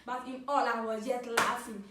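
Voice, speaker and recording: A Ghanaian woman in her twenties telling funny personal stories to camera in a playful, animated way, laughing often. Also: a little high, normal speed, noisy background. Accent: Ghanaian English. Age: 20s. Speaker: vlogger. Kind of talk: casual storytelling to camera. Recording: roomy, from a distance.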